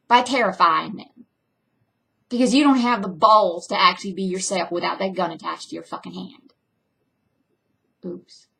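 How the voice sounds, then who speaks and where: A young woman with a husky but bright, forceful voice delivers a blunt, intense personal vlog monologue. Her loudness swings suddenly between hard, raised lines and quiet ones. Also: medium pitch. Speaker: actress and filmmaker.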